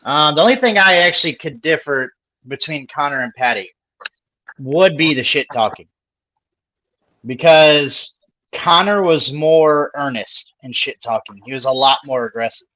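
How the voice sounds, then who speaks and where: A man's voice: on the high side, a little slow, sharp tone, poor audio. A man giving his views as a panelist in a casual sports talk, laid-back and conversational, with hedges. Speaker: podcast panelist.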